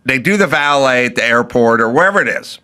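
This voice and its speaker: A man's voice: medium pitch, animated, fast talker, bright, forceful tone. A man hosting a podcast, riffing in casual comedic chat and building absurd bits toward punchlines. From California. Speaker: podcast host.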